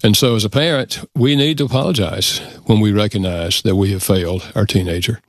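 A man's voice: fairly low pitch, fairly quick, dry recording, clean studio sound. A middle-aged man, a guest, earnestly telling a personal story and giving advice in a radio interview. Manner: earnest, reflective.

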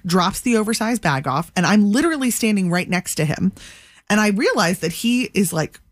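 A woman co-hosting a morning radio show, telling a story in an animated way. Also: medium pitch, no echo, studio quality. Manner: animated storytelling, laughing, acting out voices. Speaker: radio co-host. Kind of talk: casual morning radio banter.

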